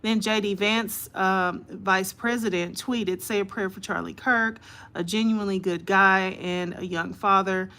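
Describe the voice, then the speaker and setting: Slow-talking woman live-streaming the news. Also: mid-range voice, fairly even intonation, pushed and bright. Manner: reads aloud haltingly with many fillers, greets viewers by name.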